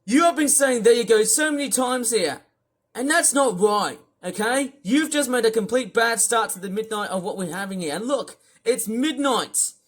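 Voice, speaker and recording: A young vlogger ranting angrily to camera, repeating themselves and swinging from slow, drawn-out complaints into shouting. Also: mid-range voice, lively intonation. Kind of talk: angry rant to camera.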